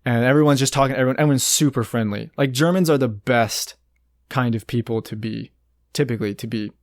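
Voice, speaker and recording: A man's voice: medium pitch, a little fast, no echo, clean studio sound. American man telling rambling stories. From United States. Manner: rambling, animated storyteller with many restarts and "like" fillers. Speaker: guest. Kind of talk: casual storytelling chat.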